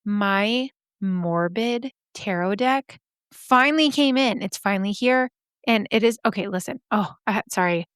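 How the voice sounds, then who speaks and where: A woman's voice: mid-range voice, a little slow, a bit bright, smooth, no room sound, clean studio sound. A young woman hosting a podcast, chatting casually in a gushing way that swears freely, her voice a little scratchy today. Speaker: podcast host. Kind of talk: casual chat.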